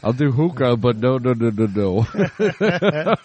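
A man joking around in casual chat, his pitch moving in a lively way. The recording is close and dry, with no room sound. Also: slow, husky, dry recording, lo-fi sound.

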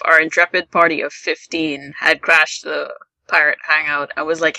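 Bright dry-sounding podcast host, sarcastic recap, close mic. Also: mid-range voice, flat delivery, moderate pace, gravelly, dry recording, low-quality recording. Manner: wry, sarcastic storytelling. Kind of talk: casual recap chat.

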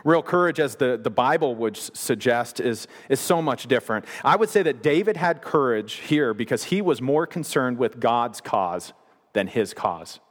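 A man's voice: medium pitch, expressive, normal speed. A man preaching a sermon, retelling scripture in a conversational way with paraphrased asides. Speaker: pastor. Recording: long reverb of a large hall.

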